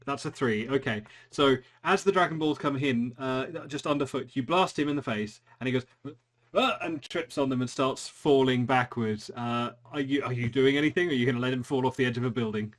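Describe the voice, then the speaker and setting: A man's voice: mid-range voice, brisk, hardly any pauses. A man narrating as game master for a tabletop role-playing game, joking along with his players.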